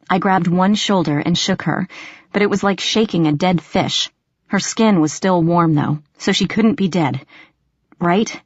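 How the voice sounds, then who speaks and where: A woman reading a first-person audiobook in a measured, tense storytelling manner, in a dull, dry lo-fi recording. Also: fairly low pitch, no room sound. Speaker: audiobook narrator.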